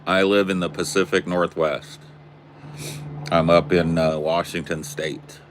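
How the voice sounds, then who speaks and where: Laid-back deep-voiced man in his forties. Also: flat delivery, unhurried, slight background noise. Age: 40s. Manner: laid-back, joking, rambling. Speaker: streamer answering viewer questions. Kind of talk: casual chat.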